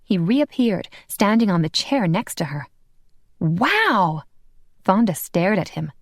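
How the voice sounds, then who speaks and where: A woman narrating a romance audiobook in an expressive, scripted style. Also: mid-range voice, moderate pace, dry recording, studio quality. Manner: expressive, voices every character.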